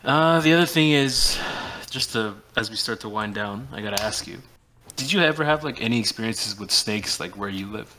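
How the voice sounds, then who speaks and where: A man's voice: on the low side, normal speed, slight background noise. A man co-hosting a casual podcast, telling stories animatedly and acting out quoted lines. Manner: animated storyteller, acts out quotes. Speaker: podcast co-host. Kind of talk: casual chat.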